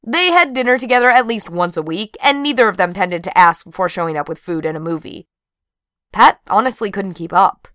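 A woman narrating an audiobook in an even storytelling read. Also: medium pitch, fairly quick, no room sound, clean studio sound. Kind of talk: scripted narration.

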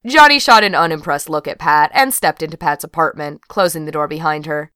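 A woman narrating an audiobook in a wry, expressive manner. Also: deep voice, a little fast, few pauses, smooth, no echo, clean studio sound. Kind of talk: scripted narration.

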